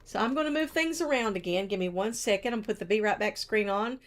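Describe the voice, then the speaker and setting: A woman's voice: medium pitch, quick pace. A woman leading a children's story hour in a church, retelling a story while acting it out with her fingers and showing a craft.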